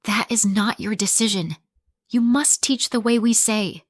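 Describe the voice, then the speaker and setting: Woman doing strict male principal, stern, slow, firm, lowish voice, dry sound. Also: steady tone, no echo, natural voice.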